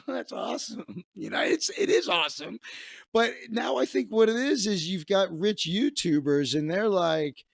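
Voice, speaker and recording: A man's voice: high voice, expressive, unhurried, vocal fry, breathy edge, no echo, clean studio sound. A man hosting a comedy show, telling a rambling story in a casual monologue with asides and laughter. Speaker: comedian host.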